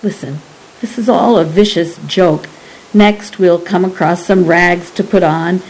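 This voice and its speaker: A woman voicing a shivering young man in a storybook reading, speaking low and hushed, stammering from cold. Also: steady tone, unhurried, poor audio. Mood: shaken. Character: shivering naked young man, trying to stay calm.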